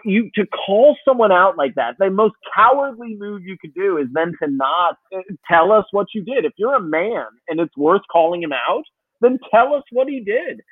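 A man's voice: high voice, breathy edge, no room sound. A man co-hosting a sports podcast, ranting in casual, profane chat. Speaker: podcast co-host. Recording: tinny phone-like line.

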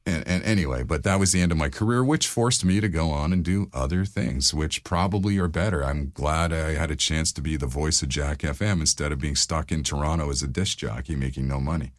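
Man, middle-aged, extremely low voice, ex-radio DJ, casual storytelling, dry close sound. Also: fairly quick, few pauses, no room sound. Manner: animated anecdotes, acts out quotes with big pitch jumps. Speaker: interview guest, former radio DJ and voiceover artist.

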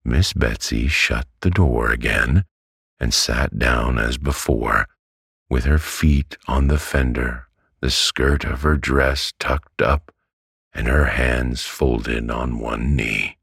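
A man with an extremely deep, gravelly, husky voice reads a classic novel as a bedtime story. He speaks slowly and evenly, and the close, dry recording has no room sound. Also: fairly bright tone, dry recording. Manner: slow, measured, soothing delivery. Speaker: audiobook reader.

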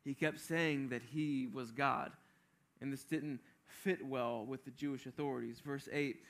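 A man's voice: mid-range voice, steady tone, normal speed. A man preaching a sermon, reading scripture aloud and explaining it in an earnest, emphatic way, often restarting his phrases. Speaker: pastor.

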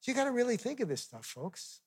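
A man's voice: extremely high pitch, big pitch swings, a little fast, darkish tone, slightly rough. A man in his fifties, a missionary preacher, giving a sermon with personal stories and putting direct, conversational questions to his listeners.

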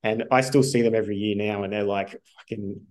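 An Australian man telling his story as a podcast guest, animated and casual, with lots of swearing and fillers. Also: fairly low pitch, fast.

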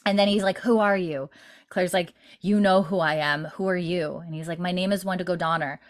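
Woman, lowish voice, casual chat, rambling recap, lots of fillers. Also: fairly even intonation, fairly quick. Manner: rambling, filler-heavy retelling with quoted lines. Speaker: podcast co-host recapping a TV episode.

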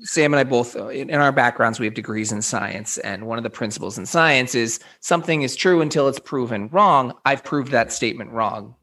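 A man's voice: medium pitch, brisk, few pauses, sharp tone. A man co-hosting a casual chat, joking and self-deprecating. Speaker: podcast co-host.

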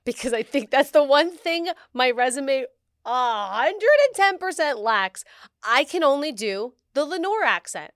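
A woman's voice: high-pitched, expressive, measured pace, a bit bright, no room sound, studio quality. A woman hosting a casual chat, self-deprecating and chatty, saying "like" often.

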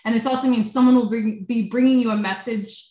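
A woman's voice: a little high, a little fast, slight background noise. Woman doing a chatty tarot reading, lots of "like", roomy echo. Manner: chatty, animated, peppered with "like". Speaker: tarot reader.

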